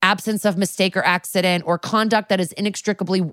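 A woman's voice: mid-range voice, steady tone, fast, a bit bright, no echo, clean studio sound. A woman co-hosting a podcast, chatting casually while recapping a TV episode, swearing freely and saying "like" a lot. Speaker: podcast co-host.

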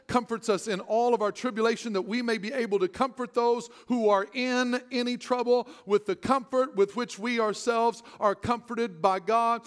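A man with a high voice preaching a sermon in a church hall, where a long reverb trails after his words. He moves between loud, fervent stretches and soft, intimate ones. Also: clean tone. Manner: swings from loud excited preaching to hushed tender speech. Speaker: pastor.

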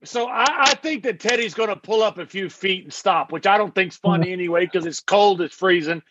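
A man's voice: high-pitched, brisk, dull audio, over a noisy crowd. A man telling a funny road story as a radio show guest, acting out each quoted line. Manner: animated, acts out the quoted lines. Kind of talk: casual anecdote on a radio talk show.

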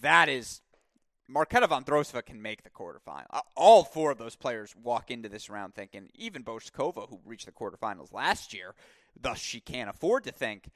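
A man hosting a tennis podcast, giving a rambling, animated solo preview with asides and self-corrections. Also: mid-range voice, moderate pace, creaky, no echo.

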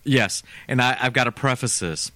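Bright-voiced man in casual chat. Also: medium pitch, moderate pace. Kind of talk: casual chat among friends.

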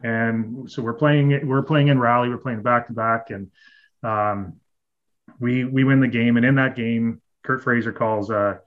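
A man's voice: medium pitch, steady tone, a little slow. Man, ex-goalie guest, spins loose anecdotes with restarts, dull lo-fi recording. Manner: rambling, with frequent restarts and chuckles. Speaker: former hockey goalie, podcast guest. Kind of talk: casual anecdotal storytelling. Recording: dull, lo-fi audio.

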